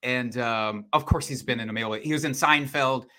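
Bright-voiced laughing man, chatty. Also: normal speed. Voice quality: high, slightly odd voice. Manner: laughs often, self-deprecating, chatty. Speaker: podcast guest, impressionist. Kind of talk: casual chat.

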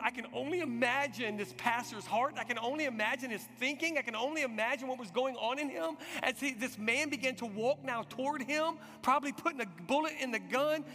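High-voiced preacher in a reverberant hall. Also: male voice. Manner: dramatic, swings from loud urgency to hushed near-whisper. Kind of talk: sermon storytelling. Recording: long hall reverb with music behind.

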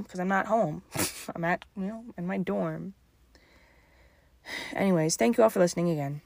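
A tired young woman talking calmly and softly in a casual solo podcast, late at night at home. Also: on the low side, normal speed, creaky, long pauses, no echo, clean studio sound. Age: young adult. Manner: calm and soft-spoken. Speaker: podcast host.

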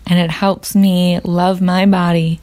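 A woman's voice: on the low side, little pitch movement, takes it slowly, darkish tone. A woman hosting a live show, earnestly thanking a performer in a heartfelt way.

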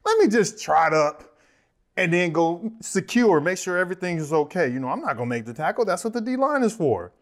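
High voiced guy telling a football story, all over the place, wheezy laughs. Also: a little fast. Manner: excitable, often breaks into wheezing laughter. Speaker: podcast co-host, former football player. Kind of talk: animated storytelling.

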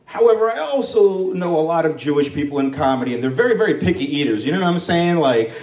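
A man's voice: a little high, animated, quick pace, darkish tone. Rambling crude stand-up man in his thirties. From Morocco. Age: 30s. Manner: loose, rambling, crude, with mocking voices for quoted people. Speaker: stand-up comedian. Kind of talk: stand-up comedy set. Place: comedy club stage. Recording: roomy club sound from a distance.

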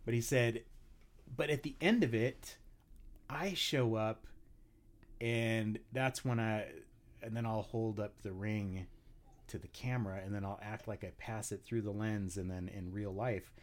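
A man who is a guest on a podcast, chatting casually and teasingly, often cutting in with jokes. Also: lowish voice. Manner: teasing, quick to interject. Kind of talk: casual chat.

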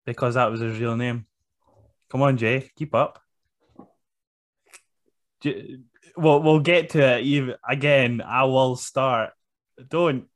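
A man's voice: mid-range voice, slow pace, long pauses. A Scottish man co-hosting a podcast, bantering casually, laughing often and swearing freely. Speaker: podcast co-host.

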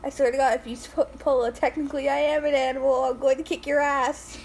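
A teenage girl co-hosting a casual podcast, loud, teasing and quick to laugh. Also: high voice, level tone, slight background noise, low-quality recording. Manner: giggly, loud, quick to tease. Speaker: podcast co-host. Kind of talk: casual chat.

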